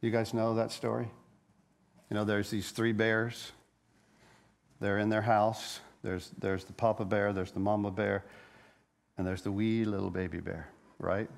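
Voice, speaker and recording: A man preaching a sermon as a pastor, telling a story with lively energy and frequent stammered restarts. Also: on the low side, measured pace, gravelly, long pauses.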